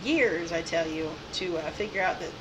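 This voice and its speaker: A woman's voice: lowish voice, moderate pace, noisy background. A woman casually commenting on her gameplay at home, giggly and playful, recorded through a laptop mic. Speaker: game streamer. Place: home room. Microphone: laptop mic, headphones on.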